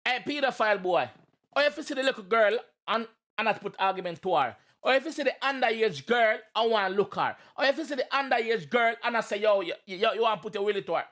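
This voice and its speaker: A Jamaican man with a high, lifted voice reacts to a track in animated patois. He jokes, shouts and chants, with his energy spilling over. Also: fast. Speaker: reaction video host.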